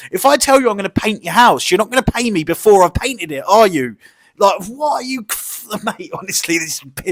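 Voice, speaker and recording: Guy ranting on his vlog, mocking and fed up, voice a touch high. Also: a bit bright. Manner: mocking, exasperated, swearing, laughing often. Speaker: YouTube commentator.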